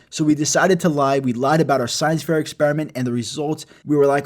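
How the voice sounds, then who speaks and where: Brief: excitable young male storyteller, profane and self-mocking, voice sitting a bit high. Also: fast, few pauses. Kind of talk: animated comedic storytime.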